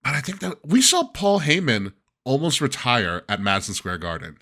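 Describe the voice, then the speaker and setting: A man's voice: mid-range voice, sing-song, normal speed, bright, forceful tone. A man hosting a podcast in casual chat, laughing often and joking loosely. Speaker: podcast host.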